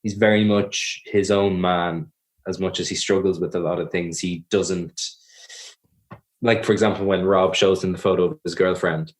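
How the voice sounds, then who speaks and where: A man's voice: deep voice, fairly even intonation, normal speed. A young Irish man in his twenties, answering interview questions about his acting work in a thoughtful way, often restarting his sentences. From Ireland. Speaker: actor guest.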